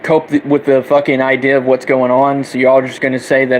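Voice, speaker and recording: A man's voice: medium pitch, completely flat delivery, fairly quick, slight background noise, rough recording. A young man ranting angrily and profanely, repeating himself as he goes. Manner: heated, profane, repetitive ranting. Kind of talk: angry political rant vlog.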